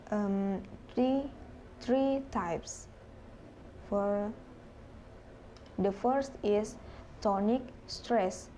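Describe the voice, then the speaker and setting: Slow, halting woman. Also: mid-range voice, dark tone, a little hiss or hum. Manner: halting, with fillers and self-corrections. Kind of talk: classroom presentation on phonology.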